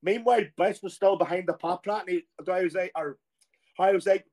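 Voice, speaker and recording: A middle-aged Irish man, a former footballer, telling a long anecdote in a casual, animated way and acting out the people he quotes. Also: high voice, moderate pace. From Ireland. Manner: animated storyteller who acts out quoted voices.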